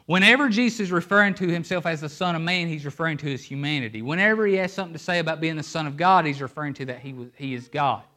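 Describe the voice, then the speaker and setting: Man, preacher, sermon, emphatic, asks the room questions, fairly high pitch. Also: fast, few pauses, pushed and bright. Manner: emphatic, pulls listeners in with questions. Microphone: handheld microphone.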